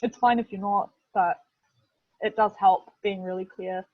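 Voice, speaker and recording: A video production head with a New Zealand accent leads a casual webinar lesson in a steady, unhurried, medium-pitched voice. She chats freely, fills gaps with fillers, and keeps reaching for "literally." The audio, taken from a video call, is dull, dry and lo-fi with no echo.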